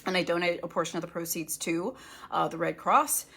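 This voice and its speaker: A woman's voice: fairly low pitch, a little fast, vocal fry, fairly bright tone, husky. A woman doctor hosting a casual livestream, talking earnestly and encouragingly to her viewers, at times turning stern.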